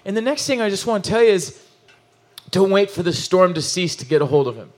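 A man preaching a sermon in an animated, emotional, conversational way, full of asides and restarts. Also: high-pitched, brisk. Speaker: pastor.

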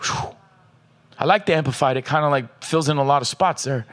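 A man preaching a sermon, reading scripture aloud with slow emphasis and checking in with the congregation. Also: fairly high pitch. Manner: asks the audience "are you with me", reads scripture aloud with slow emphasis. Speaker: pastor.

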